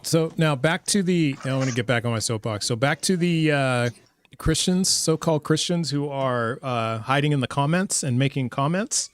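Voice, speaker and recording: A man's voice: mid-range voice, moderate pace, no echo. A man hosting a live debate stream, ranting emphatically and confrontationally and swearing at his audience. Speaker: livestream debate host. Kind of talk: heated live debate rant.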